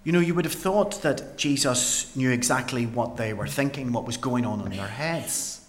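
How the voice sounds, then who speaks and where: A man performing a dramatic first-person Bible monologue as a paralysed man healed by Jesus, with earnest storytelling and dramatic pauses. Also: medium pitch, slight background noise, natural voice. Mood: tense.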